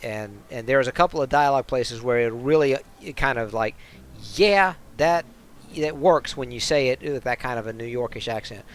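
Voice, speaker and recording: A man's voice: mid-range voice, moderate pace. A man streaming a role-playing game, chatting casually and poking fun at himself. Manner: casual, self-deprecating. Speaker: gamer streamer. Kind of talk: let's play commentary and reading aloud.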